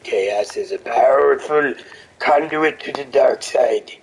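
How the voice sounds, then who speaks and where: A man voicing a wise, tiny old alien master who speaks slowly with words in reversed order. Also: mid-range voice, slight background noise, pitched below the performer's own voice, rough recording. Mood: solemn.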